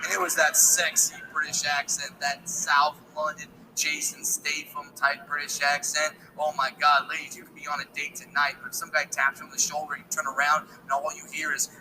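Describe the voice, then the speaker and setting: A man doing stand-up comedy, telling an animated story full of acted-out voices. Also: fairly high pitch, moderate pace, hardly any pauses, a little hiss or hum, poor audio.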